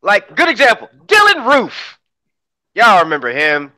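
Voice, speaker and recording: Bright, high-voiced man, emphatic and profane. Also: huge pitch swings, a little slow. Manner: emphatic, swearing, repeats questions for force. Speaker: panelist. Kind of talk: casual panel discussion.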